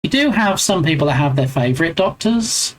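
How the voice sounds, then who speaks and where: A man's voice: a little high, lively intonation, brisk, slight background noise, poor audio. A man in his forties with an English accent, chatting casually with his live stream viewers and bantering playfully as he answers their chat.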